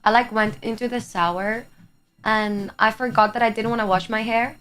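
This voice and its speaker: A woman's voice: fairly high pitch, steady tone, normal speed, a bit bright, clear, resonant tone. A young woman from Greece whose first language is Greek, chatting with her live chat on a stream. She is chatty, laughs often and swears casually. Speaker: livestreamer. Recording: faint music behind the voice.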